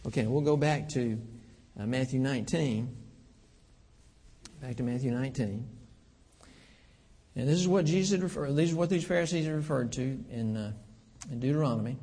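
A man in his fifties preaching a sermon in a church, folksy and earnest, slowing down for emphasis. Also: mid-range voice, warm tone, slightly rough. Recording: long hall reverb.

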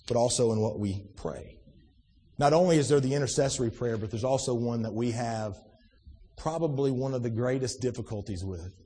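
A man's voice: mid-range voice, mellow, breathy edge, long reverb tail. A man preaching a sermon, earnest and full of rhetorical questions, often restarting his sentences. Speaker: pastor.

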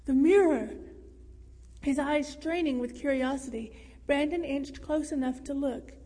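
Woman storybook narrator, expressive and measured, high voice in a reverberant room. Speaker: audiobook narrator.

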